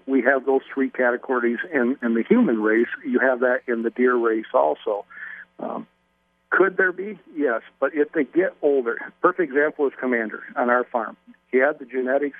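A man who is a guest on a radio show, explaining deer at a measured pace with a folksy, casual manner and frequent ums. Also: mid-range voice, no echo. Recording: tinny phone line.

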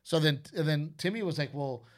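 A man's voice: a little high, expressive, normal speed, a bit bright. A middle-aged man hosting a casual chat, telling stories animatedly, acting out quotes and swearing freely. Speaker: host.

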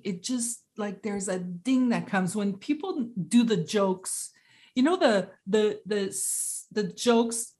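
A woman telling a personal story in conversation, earnest and reflective, pausing and restarting as she speaks. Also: a little high, a little mellow.

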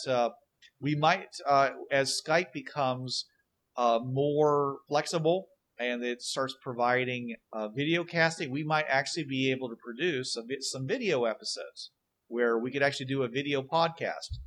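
A man's voice: medium pitch, fairly bright tone. Rambling man co-hosting a podcast. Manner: rambling, many fillers and restarts. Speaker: podcast co-host. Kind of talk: casual podcast chat.

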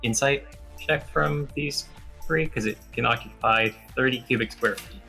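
A man's voice: medium pitch, moderate pace, gravelly, sharp tone, faint music behind. A man playing in a tabletop game, easygoing and matter-of-fact. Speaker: player. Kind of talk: casual tabletop game play.

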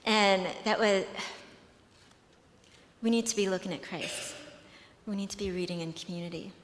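A woman's voice: medium pitch, normal speed. A woman speaking at a conference in a chatty, conversational way, with many fillers and restarts as she tells stories. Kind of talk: conversational talk with storytelling. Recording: long hall reverb.

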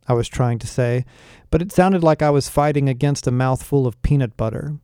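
A man reading a first-person story aloud in a measured, wry storytelling manner. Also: mid-range voice, fairly even intonation, dark tone, smooth, no room sound, studio quality. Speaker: narrator. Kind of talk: first-person audiobook narration.

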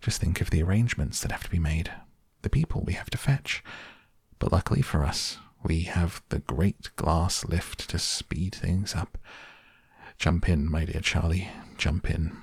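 A man voicing an eccentric, cheerful chocolate maker in a storybook reading, brisk, gleeful and theatrical. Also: low-pitched, vocal fry, husky, no room sound, clean studio sound, full character voice.

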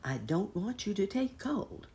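A woman's voice: mid-range voice, big pitch swings, measured pace, dark tone, pitched above the performer's own voice. A woman voicing a caring, fussy muskrat housekeeper lady in a storybook. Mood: fussing. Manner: fussing, motherly.

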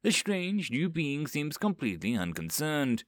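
A man's voice: mid-range voice, very animated, normal speed, a bit bright, no room sound. A man reading a dramatic story aloud as narrator.

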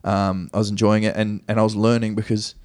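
A man's voice: fairly low pitch, flat delivery, fairly quick, a little mellow, dry recording, studio quality. A man with a New Zealand accent, a podcast guest telling rambling, self-correcting stories about his soccer career in a casual, easy way.

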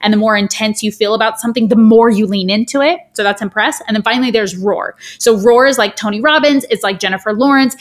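Animated, theatrical woman with a higher voice. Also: fast, hardly any pauses. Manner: animated, theatrical, does voices when quoting. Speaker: guest speaker. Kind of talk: podcast interview, explaining a framework.

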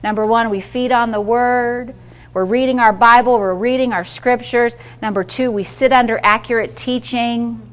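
A woman's voice: on the high side, fairly even intonation, moderate pace. A woman pastor preaching a sermon to a small group, emphatic and call-and-response, acting out dialogue with the devil.

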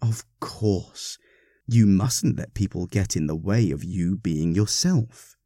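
A man's voice: low-pitched, slow, dark tone, no room sound, studio quality. A man playing a mild, flustered vicar. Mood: mild, cautious. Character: mild, anxious middle-aged male vicar.

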